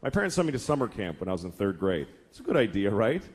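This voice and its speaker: Fairly low-pitched and darkish in tone, this middle-aged comic talks quickly and very animatedly through a profane stand-up set. Exasperated, he mimics the voices of those he quotes as the comedy-venue audience laughs.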